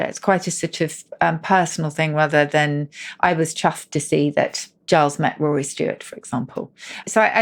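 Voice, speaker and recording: A middle-aged woman co-hosting a casual podcast, explaining where words come from with lively asides. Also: lowish voice. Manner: animated, explains word origins with asides. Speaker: co-host.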